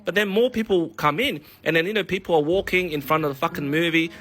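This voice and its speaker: Profane, animated man ranting. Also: fairly high pitch, quick pace. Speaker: mortgage broker. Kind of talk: casual vlog rant.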